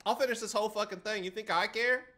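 A man's voice: high-pitched, steady tone, fast, bright, forceful tone. A young adult man streaming a game live, trash-talking and teasing his chat with a lot of swearing. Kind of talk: live-stream gameplay commentary.

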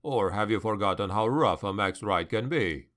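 A man voicing a blunt male military surgeon who lectures slowly and sternly. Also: fairly low pitch, animated, a bit bright, voice pushed down. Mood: scolding.

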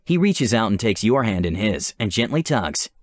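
A man narrating a tabletop adventure as game master, with measured, descriptive storytelling. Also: on the low side, very animated, no echo, studio quality.

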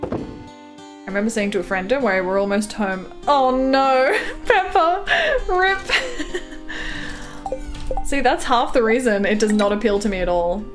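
Slow-talking giggly Canadian woman streamer. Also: mid-range voice. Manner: relaxed, giggly, reads chat aloud. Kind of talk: casual live-stream chat while gaming. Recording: clear game music under the voice. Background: game music.

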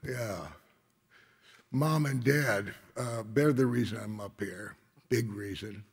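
Older man, unhurried and gravelly, rambling acceptance-speech storyteller; hall reverb. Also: mid-range voice. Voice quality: gravelly and husky. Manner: laid-back, rambling, with many filler phrases. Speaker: award honoree giving a speech. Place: large concert hall.

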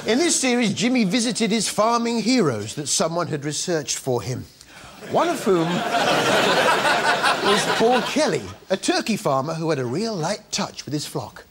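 Zany high-pitched comic host. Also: male voice, sing-song, normal speed, over a noisy crowd, very noisy. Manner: zany, giggly, mock-indignant, bursts into squeals. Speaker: comedy show host. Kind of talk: comic commentary on TV clips.

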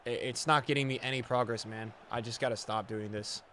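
A man streaming live gameplay commentary, sarcastic and bantering and often yelling at the game. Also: mid-range voice, fairly even intonation, brisk, slight background noise. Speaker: gaming streamer.

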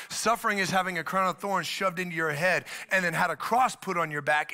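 High, bright-voiced preaching man. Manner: animated preaching, acting out quoted voices. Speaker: pastor. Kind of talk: sermon.

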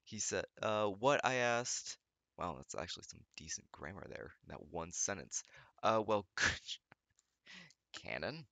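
A man's voice: deep voice, very animated, takes it slowly, vocal fry, bright, forceful tone, no room sound. A young man reading fan fiction aloud, breaking off often with sarcastic remarks and laughter. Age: young adult. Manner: sarcastic, laughs often, stumbles over words. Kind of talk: reading aloud with mocking commentary.

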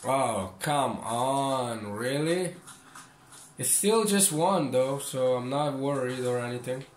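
A man's voice: mid-range voice, takes it slowly, roomy sound, slight background noise. Profane young man narrating his gameplay. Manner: profane, joking, talks to the game's enemies. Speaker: gaming channel host. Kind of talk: casual gameplay commentary.

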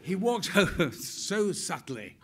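An older man telling lively anecdotes on stage, laughing as he goes. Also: sits high, slow pace, a loud crowd. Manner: animated, laughing as he tells stories. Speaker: guest actor. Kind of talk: onstage anecdotal storytelling. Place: stage event before an audience.

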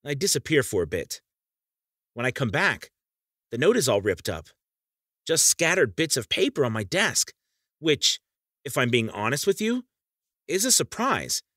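A man's voice: medium pitch, fairly bright tone, no room sound, clean studio sound. A man reading a first-person audiobook, bitter and menacing, talking straight to the listener. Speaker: audiobook narrator.

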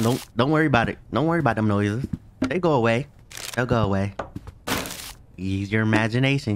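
A gaming channel host with a brisk, mid-range voice records against a noisy background. Playing a horror game on his own channel, he chats jumpily to his audience and yelps whenever he's startled.

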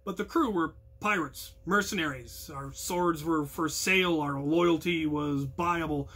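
Explaining protocols to his crew, this hobby combat captain and instructor speaks earnestly at a measured pace, with occasional loud call-outs. His voice is a little high and slightly rough.

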